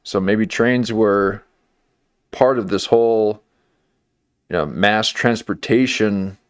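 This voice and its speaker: A man riffs in a casual, joking livestream commentary, his voice sitting fairly low. He takes his time, drawling and wandering through fillers and half-finished thoughts before landing a wry remark. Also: slow, clear, resonant tone, dry recording, studio quality. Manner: rambling, wry, with many fillers and restarts.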